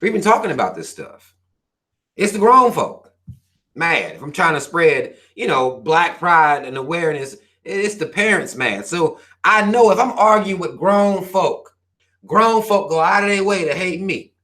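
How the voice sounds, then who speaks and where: Guy going off on a livestream, cussing and preaching, voice a bit high and bouncing all over. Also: unhurried. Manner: animated, profane, preachy, fires questions at listeners. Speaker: channel host reading viewer comments. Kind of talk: livestream rant.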